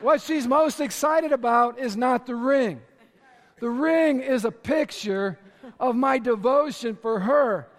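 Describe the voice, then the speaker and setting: A male pastor delivers a lively sermon and calls out to the people in front of him. His voice sits very high for a man. It rings through a large hall with a long reverb tail. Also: takes it slowly. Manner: lively, storytelling, addressing the congregation directly.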